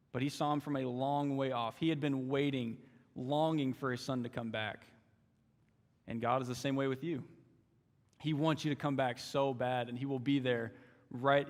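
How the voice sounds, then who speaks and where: A young man giving a sermon as a youth ministry intern, emphatic and repetitive, often dropping into quieter asides. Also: medium pitch. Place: church sanctuary. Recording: long church hall reverb.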